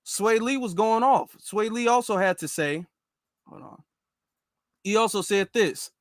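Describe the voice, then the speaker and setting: A man hosts a political commentary show in a high voice. He is emphatic, repeats himself and talks straight to his viewers. The sound is dry and close, with no room around it. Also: unhurried, pauses often, no echo. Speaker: commentary channel host. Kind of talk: political commentary, reacting to clips and posts.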